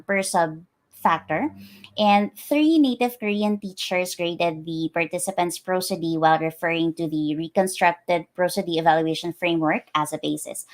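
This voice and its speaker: A woman presenting her research in a lecture, explaining carefully with frequent ums and uhs. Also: lowish voice. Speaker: academic presenter.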